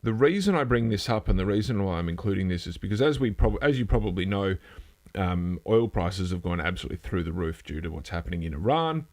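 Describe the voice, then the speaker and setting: A man's voice: sits low, animated, fast, a little mellow. A man hosting a casual live news stream from a home setup, rambling and self-deprecating, trailing off and restarting as he goes. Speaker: host.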